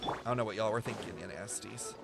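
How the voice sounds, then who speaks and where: A man streaming his reaction to a video game, talking in an excitable, profane way and often breaking into laughter. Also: on the low side, quick pace, gravelly, music in the background.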